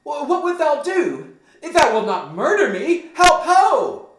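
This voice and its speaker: A man voicing an anxious middle-aged queen in a raised falsetto. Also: wildly swooping pitch, measured pace, very noisy, exaggerated voice. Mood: alarmed. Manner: pleading, alarmed outbursts. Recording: echoey room.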